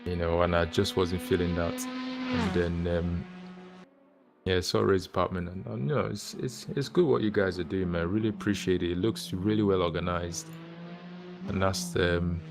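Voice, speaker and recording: A man with a very deep voice speaks in a relaxed, halting way, full of ums and restarts. He sounds easygoing and grateful, and music plays clearly behind him. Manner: relaxed, appreciative, hesitant with fillers. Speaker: new league member. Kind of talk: casual voice chat.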